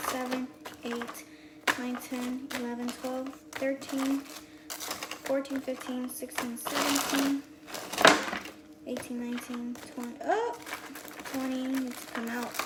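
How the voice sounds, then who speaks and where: A woman talks slowly and easily in a slightly high voice as she hosts a meal prep livestream. She chats to her viewers and counts items aloud. Her kitchen sounds echoey, with loud background noise all through. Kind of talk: casual livestream demo. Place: home kitchen. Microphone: earpiece mic.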